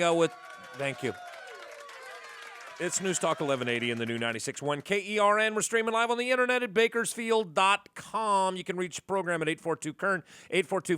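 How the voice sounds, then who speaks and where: A man's voice: high voice, bright, forceful tone, smooth, dry recording. A man hosting a morning talk radio show, chatting casually and joking with his co-host in a studio. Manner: quick, joking, rambling asides. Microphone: studio microphone.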